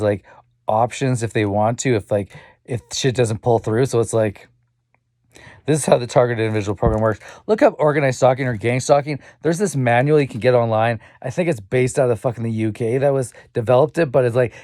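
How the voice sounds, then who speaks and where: A man's voice: medium pitch, a little mellow, no room sound, studio quality. Rambling, swearing young man. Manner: rambling, profane and repetitive; sighing, muttering asides. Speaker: vlogger. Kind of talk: rambling personal monologue.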